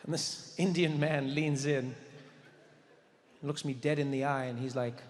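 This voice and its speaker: Animated man telling a stand-up story. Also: mid-range voice, measured pace. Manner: animated storytelling, swings to shouting. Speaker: stand-up comedian. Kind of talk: stand-up comedy. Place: large performance venue. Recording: roomy hall echo, venue ambience.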